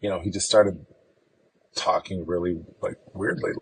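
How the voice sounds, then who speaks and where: Low gravelly man telling a story. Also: steady tone, moderate pace, low-quality recording. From Chicago. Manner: easygoing, rambling storyteller. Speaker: podcast guest. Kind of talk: casual personal storytelling.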